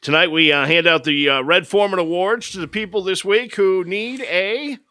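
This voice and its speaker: A man's voice: high-pitched, moderate pace, bright, forceful tone, no echo. A man hosting a podcast, recapping a movie in a casual, sarcastic, mocking way. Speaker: podcast host.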